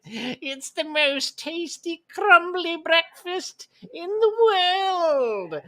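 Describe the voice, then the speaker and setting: A man putting on a creepy demonic voice, pitched high and strained, stretching his words out like a sing-song ad pitch. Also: animated, very slow, pushed and bright, heavily acted. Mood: mock-sinister. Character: creepy demonic male announcer voice.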